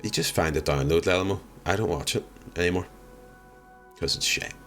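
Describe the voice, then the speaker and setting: A man's voice: sits low, moderate pace, fairly bright tone, faint music behind. A young man chatting casually on a live stream, answering viewer comments in a rambling, wry, self-deprecating way. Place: home streaming room.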